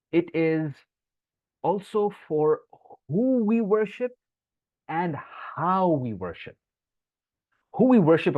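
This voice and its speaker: Through a tinny, phone-like, echo-free recording, an Islamic teacher with a mid-range voice runs a live online Quran lesson. He goes over each point in English, responds to comments from the chat, and quickly recites Arabic verses in between.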